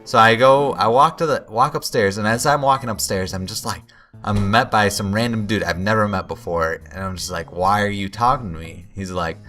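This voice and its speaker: A man's voice: lowish voice, a little fast, sharp tone, soft background music. A young man telling a rambling story while commenting on a game, often stopping to restart his sentences and quoting himself. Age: young adult. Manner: rambling, self-interrupting, quotes himself. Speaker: gameplay commentator. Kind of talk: casual storytelling over gameplay.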